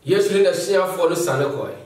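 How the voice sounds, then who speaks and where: A man preaching a sermon as pastor, moving between Twi and English and reading scripture slowly. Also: high voice, a little mellow. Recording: echoey hall, voice from far off.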